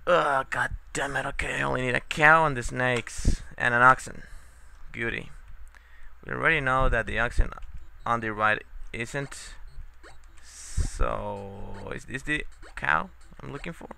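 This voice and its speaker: A man's voice: mid-range voice, unhurried, creaky, sharp tone, a little hiss or hum. A young man giving casual, sarcastic let's-play commentary, swearing often and muttering in frustration at the game.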